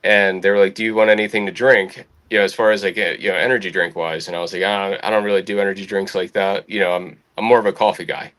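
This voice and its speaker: A young adult man spins a casual anecdote with a slightly low voice. He swears freely and lifts his pitch to act out the people he quotes. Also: flat delivery, quick pace, few pauses, a bit bright. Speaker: podcast guest. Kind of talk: casual storytelling.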